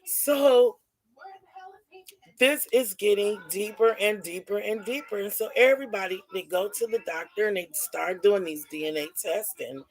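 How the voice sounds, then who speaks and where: A woman's voice: mid-range voice, normal speed, rough recording. A woman telling a rambling family drama story in a casual spoken way, often restarting and correcting herself. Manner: rambling, repeats and self-corrects.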